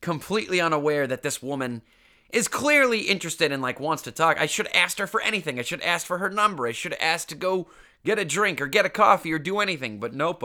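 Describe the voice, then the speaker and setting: A man's voice: mid-range voice, sharp tone. A young man hosting a podcast, telling a rambling, self-mocking story in a casual way, with a congested, stuffy voice and plenty of swearing. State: congested, getting over an illness. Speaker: podcast host.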